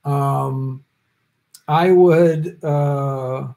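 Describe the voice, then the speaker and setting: A man's voice: medium pitch, fairly even intonation, very slow, warm tone. Guy on a livestream reading viewer questions, lots of ums, rambly and jokey. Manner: rambling, many ums, chuckles, jokey asides. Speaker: show host answering viewer questions. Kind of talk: casual livestream chat.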